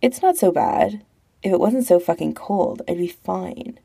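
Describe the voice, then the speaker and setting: A woman voicing a sleepy, playful young man who longs for somewhere warm, speaking softly. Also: lowish voice, lively intonation, a little slow, vocal fry, breathy edge, exaggerated voice. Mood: sleepy teasing. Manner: drowsy, playful, soft. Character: sleepy, teasing young man wanting warmth.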